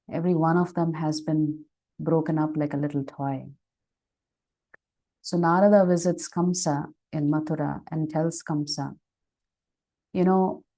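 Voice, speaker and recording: A woman teaching as a spiritual speaker, retelling devotional scripture stories in a measured way with frequent fillers. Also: deep voice, dark tone, low-quality recording. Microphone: online session microphone.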